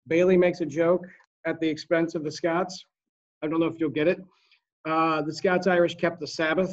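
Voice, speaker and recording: A man teaching a history lesson to a small class in a conversational way, with asides and quick restarts. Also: a little high, lo-fi sound. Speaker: high school history teacher. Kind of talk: classroom lecture.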